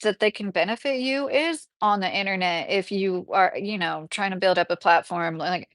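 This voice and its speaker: A woman's voice: mid-range voice, normal speed, fairly bright tone, no room sound. A woman with a Kentucky accent hosting a livestream, chatting in a rambling way with lots of fillers. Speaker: livestream host. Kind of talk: casual livestream chat.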